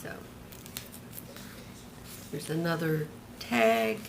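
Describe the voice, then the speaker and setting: A woman's voice: on the low side, extremely slow, gravelly, a little hiss or hum. An older retired woman showing off a handmade journal in a homey, chatty show-and-tell, describing each piece one by one. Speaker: craft vlogger.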